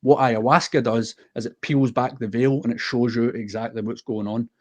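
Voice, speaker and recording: A man's voice: mid-range voice, fairly even intonation, normal speed. A man from the west of Scotland with a Scottish accent, a podcast guest telling a personal story in an earnest, heartfelt and unguarded way.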